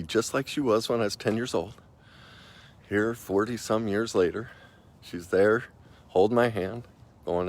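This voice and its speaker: A man in his fifties, a coach, telling a personal story in an earnest, emotional and loose conversational way, with many likes and restarts. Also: low-pitched. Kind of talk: personal motivational talk.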